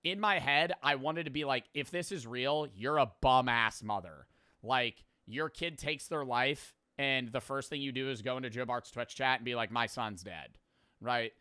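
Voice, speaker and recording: Young male streamer, blunt and profane, smooth clear tone, dry close mic. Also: mid-range voice, moderate pace, bright, forceful tone, no echo. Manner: blunt, swearing, filler-heavy. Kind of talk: casual storytelling and reflection.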